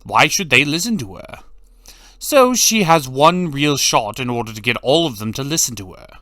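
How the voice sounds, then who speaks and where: A man recaps a cartoon episode in loose, casual commentary, blunt and sarcastic, with free swearing. His voice is bright and forward, and his pitch swings around animatedly. The sound is dry and close. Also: very animated, normal speed, no echo. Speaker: cartoon reviewer.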